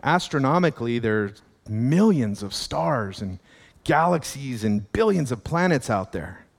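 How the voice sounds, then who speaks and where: A man's voice: medium pitch, big pitch swings, unhurried, gravelly, long reverb tail, exaggerated voice. Man doing an eager, rambling stargazer. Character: earnest male companion gazing at stars.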